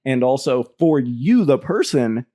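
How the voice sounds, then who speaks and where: A man co-hosting a podcast in casual chat, telling stories in an animated, profane way. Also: mid-range voice, measured pace. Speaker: podcast co-host.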